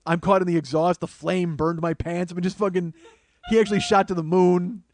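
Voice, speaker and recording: A man's voice: high voice, steady tone, fairly quick. A man hosting a comedy podcast, telling a rambling, profane, self-mocking personal story.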